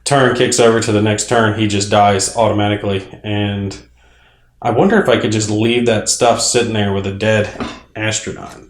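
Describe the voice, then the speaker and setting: A man casually explaining his moves in a tabletop space game, rambling with fillers and clearing his throat now and then. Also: lowish voice, little pitch movement, normal speed, reverberant. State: clearing throat, a little choked up. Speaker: board game player and channel host.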